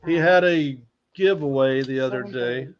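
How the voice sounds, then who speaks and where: An American man chats through a casual livestream, rambling easily from topic to topic. His voice sits in a middle pitch. The sound is dull and lo-fi. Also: unhurried. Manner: easygoing, rambling, retells conversations. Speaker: livestream host. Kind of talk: casual live-stream chat.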